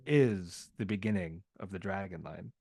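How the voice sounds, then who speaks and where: A man's voice: deep voice, moderate pace, gravelly, darkish tone, slightly rough. A man from the American South, a podcast guest telling a story in a loose, rambling way full of filler words. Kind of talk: casual podcast conversation.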